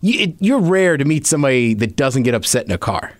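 A man co-hosting a podcast, joking around in casual chat with quick interjections. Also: medium pitch, big pitch swings, no room sound. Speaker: podcast co-host.

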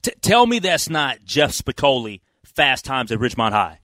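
A man's voice: medium pitch, no echo. Male talk radio host, chatty sports recap, dry studio mic. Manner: energetic, chatty, with quick asides. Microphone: studio microphone.

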